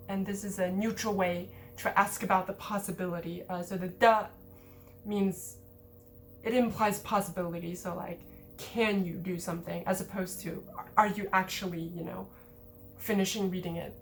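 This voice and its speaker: A woman giving a relaxed, conversational language lesson, explaining grammar points with lots of casual filler words. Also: lowish voice, normal speed, a little hiss or hum. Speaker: language teacher.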